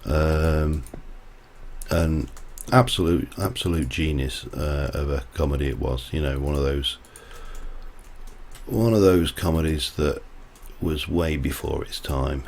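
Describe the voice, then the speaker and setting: Man, very deep voice, gravelly, rambling gameplay chat, faint hiss. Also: fairly even intonation, slow, a little mellow. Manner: rambling, chatty, digresses mid-task. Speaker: livestreamer. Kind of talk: casual gameplay commentary.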